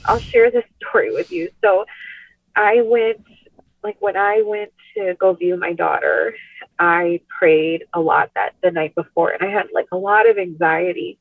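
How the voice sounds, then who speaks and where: A woman recounts a painful personal memory in a soft, unhurried voice, full of small fillers and restarts. The sound is thin and phone-like, and it is dry with no room echo. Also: fairly low pitch. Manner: soft-spoken, many "like" and "you know" fillers. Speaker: podcast guest. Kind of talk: emotional personal storytelling. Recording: tinny phone line.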